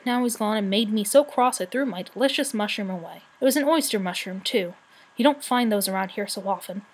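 A woman voicing a grumpy, sharp-tongued female forest brownie in a storybook reading. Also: mid-range voice, husky. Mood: grumbling. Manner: scolding, cross, quick-tempered.

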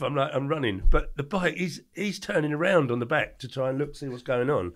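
A middle-aged man telling animated anecdotes as a podcast guest, acting out the quotes in his stories. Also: medium pitch, fast, hardly any pauses. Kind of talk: casual storytelling.

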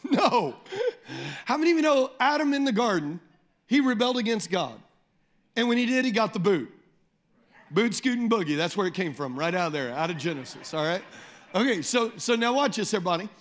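A man preaching a sermon as pastor, emphatic, repeating phrases, calling on the congregation and slowing down to read scripture. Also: high voice, big pitch swings. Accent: Midwestern American. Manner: slows down and lifts the voice when reading scripture.

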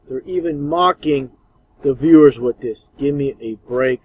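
A man's voice: mid-range voice, unhurried, a little mellow, husky, no echo, low-quality recording. A man commenting scornfully and insistently over old clips.

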